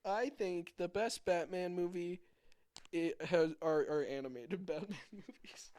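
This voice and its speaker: A young man with a slightly high voice hosts a casual podcast chat. He rambles through stories with plenty of restarts and gets excitable and opinionated when he argues a point. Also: measured pace. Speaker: podcast host.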